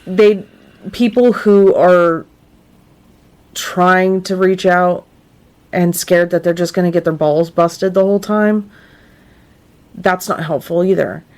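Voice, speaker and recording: A young woman co-hosts a relaxed podcast, speaking in an unhurried, earnest way. Her voice sits a little low for a woman, and she leans on "like" as she searches for words. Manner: earnest, lots of "like" fillers. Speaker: podcast co-host. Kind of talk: casual podcast chat.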